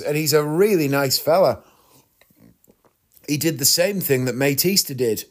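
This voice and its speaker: A man hosting a podcast, telling a rambling travel story in a chatty way and laughing at his own tale. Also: medium pitch. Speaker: podcast host. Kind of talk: casual storytelling monologue.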